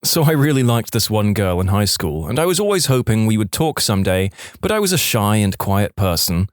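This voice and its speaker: A man reading internet stories aloud in an expressive, playful storytelling manner. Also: on the low side, brisk, dry recording, clean studio sound. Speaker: story narrator.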